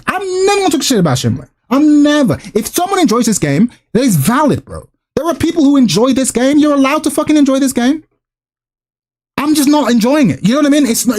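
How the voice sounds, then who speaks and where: Exasperated streamer man, animated swings. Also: extremely high pitch. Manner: exasperated, repetitive, swearing. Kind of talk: ranting stream commentary to chat.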